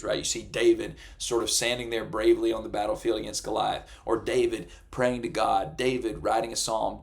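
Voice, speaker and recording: A man delivers a sermon in an earnest, lively way, often slipping into mock voices to make his point. His voice has a gravelly, slightly rough texture and sits at an ordinary male pitch. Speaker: pastor.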